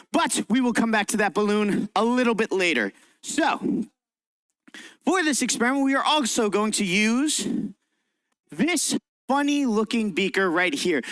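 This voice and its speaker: In a library event room, a man with a high-pitched, slightly bright voice presents an interactive science demonstration for children. He's upbeat and theatrical as he directs the kids, and the sound is clean with no echo.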